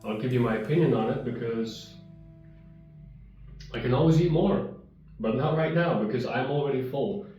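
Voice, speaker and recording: A medium-pitched man speaks at normal speed but pauses often while rambling casually about chocolate he's tasting, sometimes mid-chew. The audio is dull, from a very echoey room with a distant mic and soft guitar music in the background.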